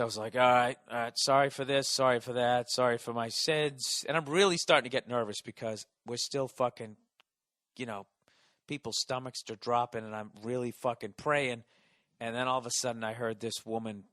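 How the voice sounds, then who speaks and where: A man in his forties with a Boston accent, telling a stand-up story in a profane, exasperated rant with sudden loud bursts. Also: mid-range voice, dry recording, studio quality. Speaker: stand-up comedian.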